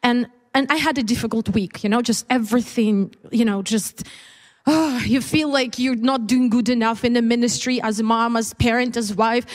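A woman's voice: on the high side, fairly even intonation, moderate pace, in a large hall. A woman preacher and mother giving a candid, conversational testimony in a sermon, with many fillers and restarts. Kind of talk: personal testimony within a sermon. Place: church service.

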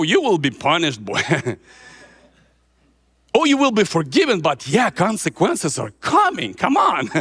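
A man's voice: high voice, fairly bright tone, slightly rough. A man preaching an informal sermon, emphatic and given to repeating words for stress.

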